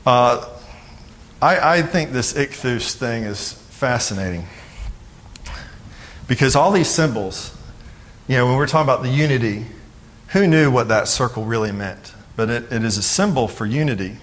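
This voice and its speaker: A man giving a sermon as pastor, talking in a loose, conversational way with jokes and quick acted-out voices of other people. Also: medium pitch, animated, fairly bright tone, a little hiss or hum.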